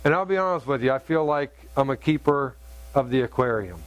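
A middle-aged man preaching a sermon, telling a story in an earnest, halting way with many restarts. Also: medium pitch, animated. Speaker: pastor.

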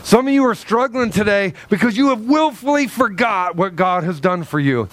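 A male pastor preaching a sermon in an animated way, acting out little dialogues with God. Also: high voice, normal speed, few pauses.

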